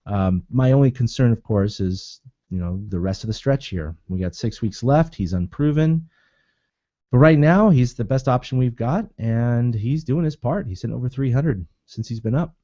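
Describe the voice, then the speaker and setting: Man, podcast co-host, jokey and animated, dry dull lo-fi audio. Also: mid-range voice, normal speed, no room sound. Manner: jokey, animated storytelling, laughs often. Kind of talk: casual sports chat.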